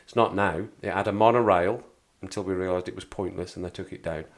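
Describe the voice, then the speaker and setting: Man, Black Country accent, casual livestream chat, rambling and repetitive, lowish voice. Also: steady tone, a little fast. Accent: Black Country English. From England, Black Country. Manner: rambling, chatty, repeats himself. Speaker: livestream host.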